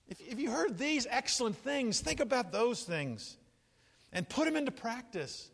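An older man preaching a sermon in an animated, jokey way, often laughing and acting out quotes. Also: extremely high pitch, normal speed, gravelly, in a large hall. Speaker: pastor.

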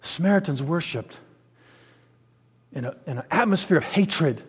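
High-voiced preacher in a reverberant hall. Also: male voice, lively intonation, moderate pace, slightly rough. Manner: swings from low, soft asides to loud, emphatic preaching. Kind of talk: sermon.

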